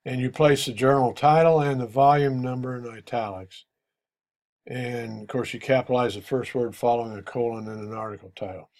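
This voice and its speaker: Middle-aged guy teaching citation rules, lots of uhs, medium pitch. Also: steady tone, darkish tone. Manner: halting, many fillers, explanatory. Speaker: instructor. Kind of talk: lecture on writing format.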